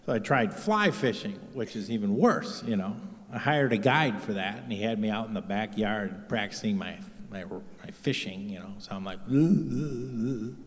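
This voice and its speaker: On stage at a live venue, a man with a fairly low voice performs stand-up comedy, rambling and swearing freely as he pokes fun at himself. He speaks at normal speed with hardly any pauses, and the recording carries long hall reverb.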